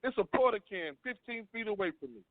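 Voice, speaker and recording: A man's voice: sits high, expressive, a little fast, dry recording. A man on a talk panel, earnestly telling a long personal story and often repeating himself. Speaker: panel guest. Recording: dry phone-line sound.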